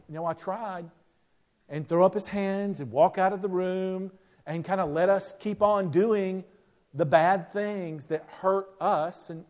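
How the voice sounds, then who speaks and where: A man from the United States preaching a sermon, telling stories with emphatic rises and soft, quiet drops. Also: high voice. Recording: long reverb of a large hall.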